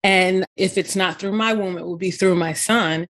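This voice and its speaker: A woman's voice: fairly low pitch, fairly even intonation, normal speed, fairly bright tone. A middle-aged woman telling a personal story in casual conversation, full of "you know" and "right?" asides. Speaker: podcast co-host.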